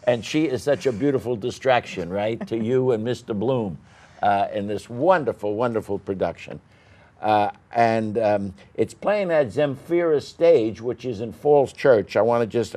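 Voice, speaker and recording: A man's voice: on the low side, mellow. An older man interviewing theatre cast members, gushing and rambling with many fillers and restarts. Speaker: arts interviewer. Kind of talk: enthusiastic casual interview.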